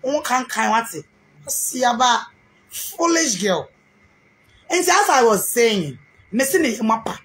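A Ghanaian businesswoman speaking with a Ghanaian accent in a heated, animated rant to camera, repeating herself for emphasis. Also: a little high, measured pace. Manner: animated, repetitive, mixes Twi and English.

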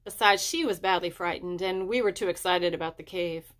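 A woman reading a children's chapter book aloud, raising her pitch for the children's dialogue. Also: a little fast, fairly bright tone. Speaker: audiobook reader. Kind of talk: storybook narration.

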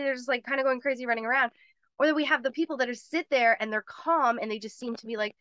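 Woman course host, bright and slightly high voice, chatty quick delivery, dry close computer mic. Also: no room sound. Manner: chatty, quick, laughs often, acts out little voices. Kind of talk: live webinar lecture.

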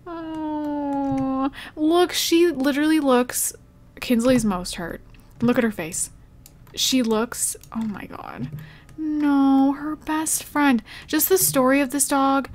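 A young woman giving emotional let's play commentary, gasping and exclaiming as she talks to her viewers. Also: sits high.

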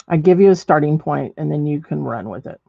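Gravelly middle-aged woman instructor, chatty demo host, dry muffled recording. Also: low voice, animated, a little fast, warm tone, no echo. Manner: chatty, thinks aloud while working, many ums. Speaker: ceramics painting instructor. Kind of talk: live painting demonstration.

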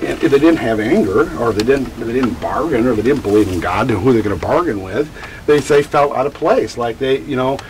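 A man who teaches about grief, answering interview questions in an animated, digressive way and acting out quotes. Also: mid-range voice, a little fast, slight background noise, poor audio. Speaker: grief educator.

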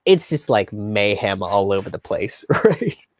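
On the low side and sing-song, this man's voice goes a little slow, with no room sound. Hosting a live history and politics show, he tells the story casually, with frequent fillers and restarts, swears, and acts out quotes.

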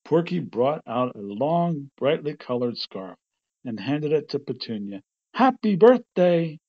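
A man reading a children's storybook aloud in plain, steady narration. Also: medium pitch, unhurried, husky, lo-fi sound. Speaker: storybook reader.

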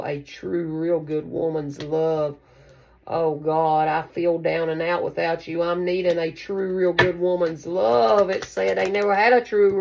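A woman's voice: on the low side, a little mellow, a little hiss or hum. A woman giving a casual tarot reading to camera, chatty and affectionate, calling her listeners baby. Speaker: tarot card reader.

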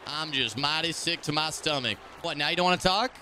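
A man streaming a football video game, commenting live in a brash, excitable, trash-talking way. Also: a little high, fairly quick, background noise.

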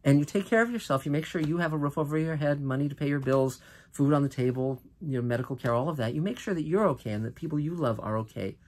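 A man's voice: on the high side, quick pace, a little mellow. An older American man delivering an earnest, impassioned political monologue, often restarting and stretching out key phrases for emphasis. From United States. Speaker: host.

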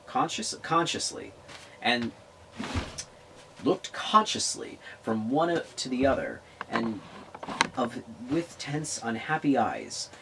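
A man's voice: medium pitch, sing-song, slow pace, noisy background. A man reading a novel aloud, stumbling over words and restarting lines. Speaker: reader of a novel on a public access show.

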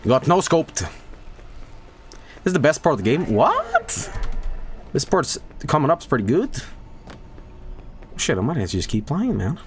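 A man's voice: fairly high pitch, a little slow, pauses often. A man in his thirties giving casual, jokey commentary while streaming a horror game. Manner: animated, jokey, breaks into silly sung bits.

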